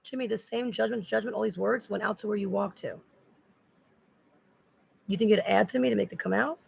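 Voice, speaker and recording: Gravelly, agitated woman rambling. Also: medium pitch, fairly even intonation, fairly quick, rough recording. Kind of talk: rambling spoken monologue.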